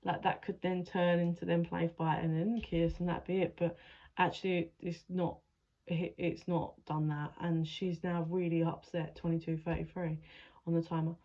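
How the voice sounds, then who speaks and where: A woman's voice: fairly low pitch, little pitch movement, normal speed, mellow, highs cut off. A woman giving a channeled tarot reading in a rambling, emotional way, swearing freely as she narrates. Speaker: spiritual adviser, tarot reader.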